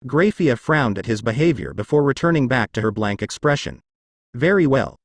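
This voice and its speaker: A man reads a fan-written story aloud, carrying narration and every character's lines in his own voice. His pitch moves a lot as he goes, and the sound is dry and close with no room around it. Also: expressive, moderate pace, dry recording. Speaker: fanfiction reader.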